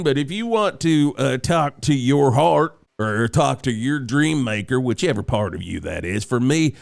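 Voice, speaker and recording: A man's voice: medium pitch, very animated, unhurried, vocal fry, hardly any pauses. A male radio host riffing in rowdy, profane comic banter, broadcasting live from a car dealership. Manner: rowdy, profane, tangent-prone.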